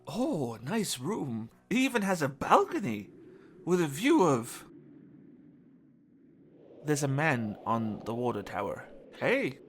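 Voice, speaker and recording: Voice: mid-range voice, sing-song, measured pace, pauses often. A video game reviewer reading a scripted review voice-over with dry, wry humor. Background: faint game music.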